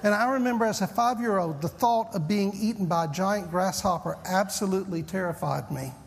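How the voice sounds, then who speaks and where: A man's voice: high-pitched, a little fast, creaky, in a large hall. Folksy Southern preacher in his fifties. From Southern United States. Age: 50s. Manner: folksy, self-deprecating storyteller. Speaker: pastor. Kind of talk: humorous sermon opening.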